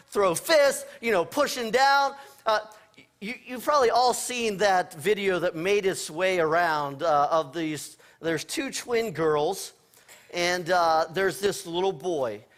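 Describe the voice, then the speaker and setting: High-voiced man preaching playfully. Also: a bit bright. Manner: conversational storytelling with playful humor. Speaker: pastor. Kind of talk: sermon. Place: church sanctuary.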